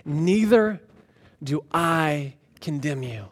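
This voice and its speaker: A preacher voicing a hushed, gentle Jesus. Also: male voice, sits high, animated, slightly rough, voice pushed down, full character voice. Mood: solemn. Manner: slow, hushed and solemn. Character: gentle, solemn male Jesus speaking softly.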